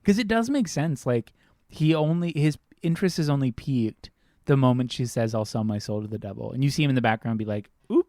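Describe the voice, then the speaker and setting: A man's voice: medium pitch, fairly quick, warm tone, no room sound, clean studio sound. A man co-hosting a podcast in casual film chat, earnest, repeating phrases as he thinks and acting out quotes. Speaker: podcast co-host.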